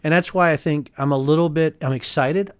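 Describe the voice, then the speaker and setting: A middle-aged man, congressman and author, speaks fairly quickly in a smooth, slightly high voice with no echo. As an interview guest he's animated, heated and emphatic, doing voices for people he quotes and frequently tacking on "right?".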